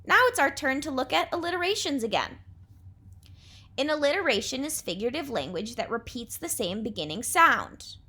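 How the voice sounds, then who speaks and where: A young woman teaching a class, with a high, bright voice. She speaks clearly and patiently, with a warm, encouraging delivery suited to young students. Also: big pitch swings, moderate pace. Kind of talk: remote class lesson.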